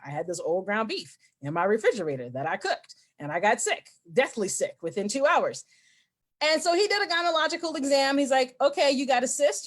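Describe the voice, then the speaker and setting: A woman hosting a video call, telling a story in a chatty, animated way and acting out the dialogue of the people in it. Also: a little high. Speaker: meeting host.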